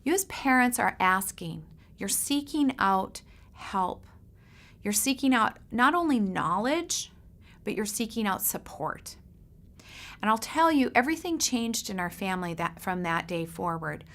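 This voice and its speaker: Woman, middle-aged, parent coach, animated personal storytelling, expressive pitch. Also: measured pace. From Seattle area, United States. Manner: animated storyteller, acts out quoted voices with big pitch jumps.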